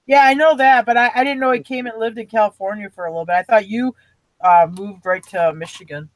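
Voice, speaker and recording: High-voiced man with a Milwaukee accent. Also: steady tone, fast talker. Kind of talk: casual chat.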